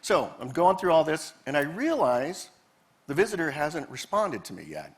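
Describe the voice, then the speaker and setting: A man's voice: fairly high pitch, moderate pace. A man giving a live presentation, telling stories from his years as a park ranger and acting out the dialogue. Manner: animated storyteller, acts out quoted dialogue. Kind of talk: storytelling presentation to a live audience. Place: presentation room with a projector screen.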